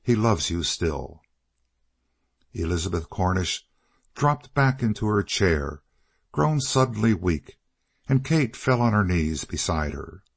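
A male narrator with a low, deep voice reads an old Western novel in a measured, steady way. The recording is dry and close, with no room sound. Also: creaky, breathy edge, dry recording. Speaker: audiobook narrator. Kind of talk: scripted narration.

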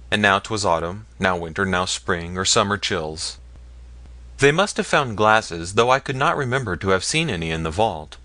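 Male audiobook narrator, low forceful voice, dry close recording, measured storytelling. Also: no echo. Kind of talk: scripted narration.

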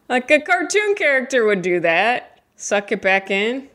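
In her stand-up comedy routine, a young adult woman with a fairly bright tone chats away and pokes fun at herself. She rambles and jumps into high, squeaky voices to play imagined friends.

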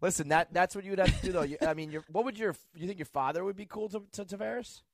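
A man's voice: high voice, fast talker, no echo. A man co-hosting a podcast who riffs playfully and sarcastically in casual chat. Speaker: podcast co-host.

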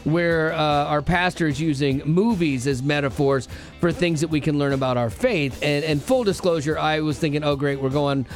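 A man's voice: a little high, soft background music. A man hosting a radio show, joking and teasing as he chats with callers and his co-host. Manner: playful, teasing, quick with jokes. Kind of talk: joking morning radio chat.

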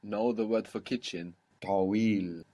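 A man's voice: on the low side, animated, normal speed, a little mellow. A man teaching a spoken Arabic lesson, explaining patiently and prompting his student with questions.

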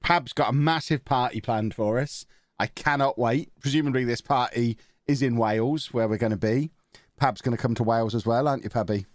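A man's voice: medium pitch, a little fast. A man co-hosts a podcast, trading dry, teasing banter with the others. His voice sits in a middle range. It comes through dry and close, with no echo. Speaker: podcast co-host. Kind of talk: casual chat.

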